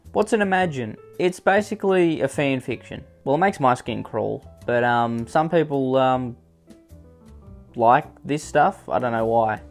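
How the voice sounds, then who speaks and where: A young man giving a comedic commentary, reading text aloud with dry, sarcastic asides. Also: mid-range voice. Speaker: YouTube commentator.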